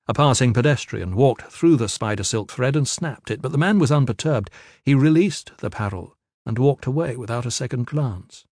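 A man's voice: medium pitch, dry recording. Man reading a novel in a dry booth. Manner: steady, measured storytelling. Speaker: audiobook narrator. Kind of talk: scripted narration.

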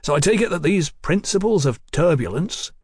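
A man's voice: fairly high pitch, animated, moderate pace, darkish tone, husky, no room sound, voice pushed up. A man voicing a dry, skeptical male scientist in an audiobook, with a wry manner.

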